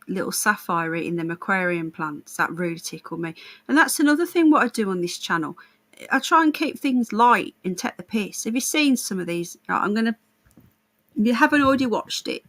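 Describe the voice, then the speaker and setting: A woman's voice: medium pitch, fairly bright tone, low-quality recording. Blunt, sweary woman streaming live. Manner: blunt, sarcastic and sweary, chatting to viewers. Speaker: livestream host. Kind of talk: casual live-stream chat.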